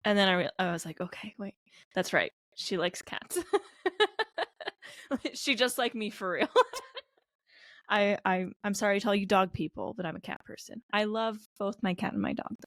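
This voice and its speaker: A woman's voice: medium pitch, normal speed, long pauses, fairly bright tone, no room sound. A woman with a mid-range voice co-hosts an anime podcast, recorded close and dry. She rambles casually, stringing thoughts together with plenty of filler words. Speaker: podcast co-host.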